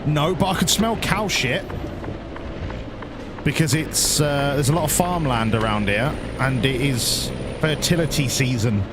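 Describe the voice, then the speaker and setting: Over heavy background noise, a gaming streamer delivers rambling, crude, jokey commentary as he plays. His voice is mid-range and his pace measured.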